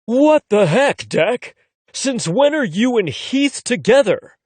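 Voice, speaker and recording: A male narrator puts on a nosy young buddy from an audiobook, pushing for answers with eager, drawn-out questions. His pitch jumps around in a lively, raised sing-song. The voice stays dry and close. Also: no echo, exaggerated voice. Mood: incredulous. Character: excitable young man, nosy friend.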